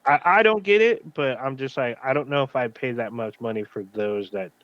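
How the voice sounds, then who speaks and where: A man co-hosting a casual podcast chat, telling anecdotes in a relaxed, offhand way. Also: medium pitch, a little fast, highs cut off. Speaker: podcast co-host.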